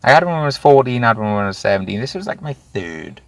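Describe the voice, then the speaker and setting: Male interview guest, 30s, gravelly low voice, dry close sound, blunt and animated storyteller. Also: fast, dry recording. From Wales. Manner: animated, swears freely, acts out quoted voices. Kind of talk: candid conversational storytelling.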